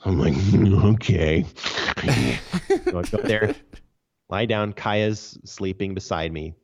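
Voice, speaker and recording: A man's voice: sits low, takes it slowly, creaky, a little mellow. A man, a podcast guest, recounting his story earnestly and emphatically in a casual interview. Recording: dull lo-fi audio.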